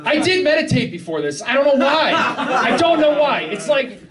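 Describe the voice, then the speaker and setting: A man's voice: very high voice, very animated, moderate pace. A young man doing a rambling, self-deprecating stand-up set, swearing often and undercutting his own jokes. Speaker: stand-up comedian. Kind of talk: open-mic stand-up set. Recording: live club mic, heard from a distance with audience. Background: crowd laughter.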